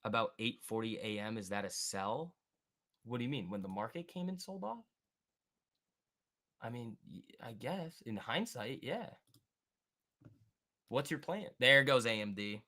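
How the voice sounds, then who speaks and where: A man hosting a live stock trading stream, thinking aloud and answering chat in an excitable, quick way. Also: medium pitch. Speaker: stock trading livestream host. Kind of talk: live market commentary reading chat.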